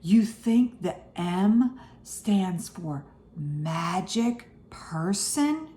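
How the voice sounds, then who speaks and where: A woman's voice: a little high, very animated, moderate pace. Storybook young girl, cheerful and curious, lilting voice, echoey room , read by a woman. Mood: hushed.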